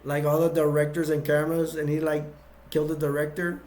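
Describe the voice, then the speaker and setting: A man's voice: a little high, monotone, fairly quick, darkish tone, slight background noise. A man casually retelling movie scenes scene by scene, rambling and restarting as he goes. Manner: rambling, full of fillers and restarts. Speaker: movie reviewer.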